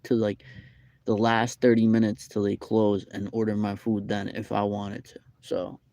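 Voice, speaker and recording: A young man chats on a live stream, telling a long, looping story full of fillers and repeats. His voice sits low and has a gravelly edge, and the tone is dark and mellow. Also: little pitch movement, moderate pace, no room sound. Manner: rambling, repetitive storytelling with many fillers. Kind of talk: casual live-stream chat. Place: McDonald's restaurant.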